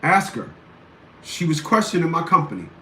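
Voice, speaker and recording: Blunt, forceful man ranting in a roomy echo. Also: fairly high pitch, big pitch swings, normal speed. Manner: blunt, combative, repeats phrases for emphasis. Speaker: radio show host. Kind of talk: ranting commentary. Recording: roomy echo, faint background noise.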